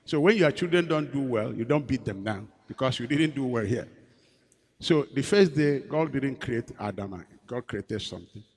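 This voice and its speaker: A husky-voiced male pastor preaches in a rhythmic call-and-response style, leaving blanks for the congregation to fill in. His voice swings between loud and soft, and it rings out in a large echoey hall. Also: mid-range voice, expressive, normal speed. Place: church.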